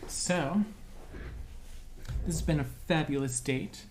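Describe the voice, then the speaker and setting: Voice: medium pitch, slow pace, darkish tone, slight background noise. A livestreamer chatting casually with viewers in a giggly, playful way. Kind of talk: casual live-stream chat.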